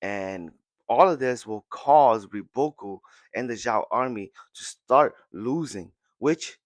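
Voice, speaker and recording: An excitable man recaps a comic chapter on his podcast, repeating words as he goes. His voice sits at a middling pitch for a man. The recording is dry and close. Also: takes it slowly, dry recording. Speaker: podcast host.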